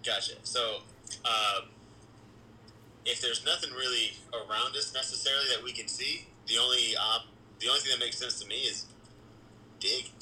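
Very bright-voiced hesitant male player. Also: mid-range voice, steady tone, normal speed, long pauses, slight background noise, low-quality recording. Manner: hesitant with filler sounds. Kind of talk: casual tabletop play.

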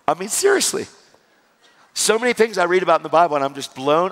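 A middle-aged man preaching his personal testimony in a conversational style, swinging between loud and hushed. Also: sits high, expressive, quick pace. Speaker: evangelist. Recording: long reverb of a large hall.

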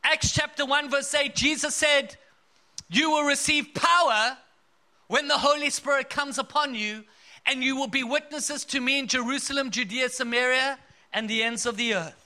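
A man's voice: very high voice, normal speed, pushed and bright. A man from South Africa preaching a sermon, emphatic and storytelling, with bursts of laughter.

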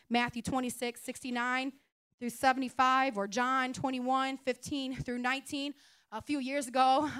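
A woman pastor giving a lively, chatty sermon, joking and acting out quotes. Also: high voice. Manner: lively, chatty preaching with jokes and acted-out quotes. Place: church.

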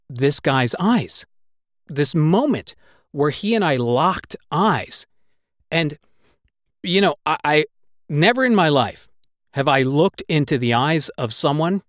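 A man's voice: on the high side, dry recording. A man recounts a gripping personal story, swearing freely as the words tumble out. His delivery turns heavy with emotion at times. The sound is dry and close, with no room around it. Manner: swears constantly, breathless retelling; emotional, gets worked up.

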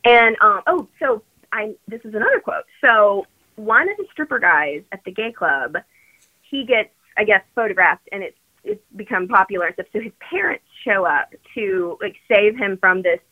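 A woman calling in to a podcast, chatting in an animated, rambling way with lots of fillers. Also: medium pitch, normal speed. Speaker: regular phone-in guest. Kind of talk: casual chat. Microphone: phone call. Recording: muffled phone line.

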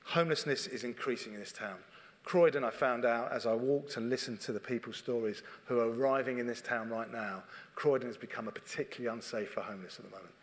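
With a mid-range voice and a fast delivery, a middle-aged man leading a church gives an earnest, conversational sermon, frequently repeating phrases. The long reverb of a church hall surrounds the recording.

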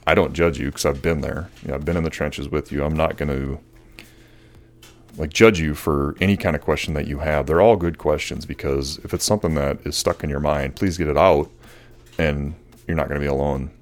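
A man's voice: very deep voice, a little fast. A man hosting a solo podcast in casual, rambling talk with many fillers, in a voice he says people find soothing. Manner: relaxed, rambling, with frequent fillers and restarts. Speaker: podcast host.

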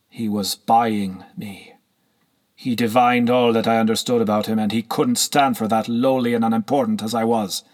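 A man narrating a scripted story in a steady, reflective way. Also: lowish voice.

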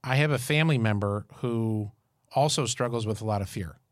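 A man in his fifties, co-hosting a podcast, who tells stories in an animated, joking way. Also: on the low side, fairly quick, dry recording, studio quality. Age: 50s. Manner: storytelling, animated and jokey. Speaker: podcast co-host. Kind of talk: casual chat.

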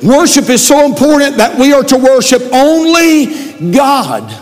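Male pastor with a very high voice, preaching with shouted emphasis in a church with long reverb. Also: big pitch swings, measured pace. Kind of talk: sermon. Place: church sanctuary.

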